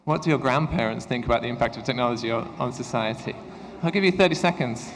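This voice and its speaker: A man of middle pitch presents a workshop to a room of teachers. He keeps it engaging and often checks in with the audience. His voice carries a long hall reverb. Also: fast talker, background noise. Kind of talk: conference workshop talk. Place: conference lecture room.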